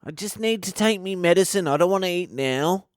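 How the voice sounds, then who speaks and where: A man putting on a whiny high-voiced Aussie beggar. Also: animated, fairly quick, smooth, no echo, studio quality. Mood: whining. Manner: high-pitched pleading whine. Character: whiny homeless man begging for cash.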